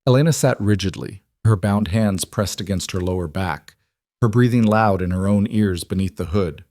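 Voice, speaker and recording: Man, low voice, scripted story narration, measured, dry close recording. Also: dark tone, dry recording.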